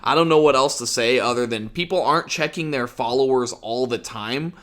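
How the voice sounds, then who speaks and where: A man's voice: medium pitch, fairly quick, fairly bright tone. A young man giving a ranting commentary, sarcastic and profane, mocking his target with short laughs. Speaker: commentary YouTuber.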